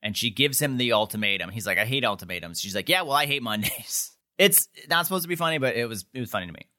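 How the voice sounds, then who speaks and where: A man's voice: on the low side, lively intonation, very fast, pushed and bright. A man co-hosting a podcast, casually recapping a TV episode, rambling with lots of "like" and acting out quotes. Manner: rambling, frequent "like", acts out quotes. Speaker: podcast co-host.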